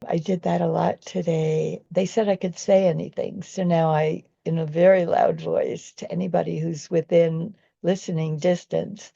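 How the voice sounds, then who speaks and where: A woman's voice: fairly low pitch, level tone, moderate pace, creaky, few pauses, dark tone, husky, dry recording, dull audio. A woman and vegan activist telling a personal story in an earnest, rambling way, often restarting her sentences.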